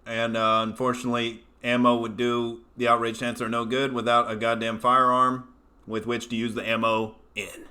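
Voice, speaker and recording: A man's voice: medium pitch, completely flat delivery, normal speed, sharp tone. A male comedian from Oklahoma hosting a casual livestream, sarcastic and self-mocking, swearing freely. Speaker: comedian and show host. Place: home studio apartment.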